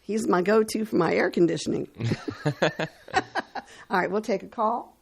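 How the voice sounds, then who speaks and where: A woman's voice: medium pitch, a little slow, gravelly, darkish tone, breathy edge. A woman hosting a radio call-in show, reading this-day-in-history items aloud with small stumbles and chatty asides. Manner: reads items aloud with stumbles on names and side comments. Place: radio studio.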